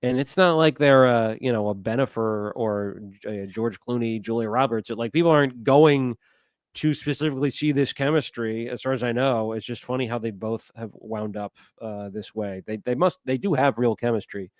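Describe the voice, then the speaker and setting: A man's voice: medium pitch, moderate pace, no echo. A man co-hosting a podcast, chatting casually and wandering into asides while he searches for names. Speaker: podcast co-host. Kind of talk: casual chat.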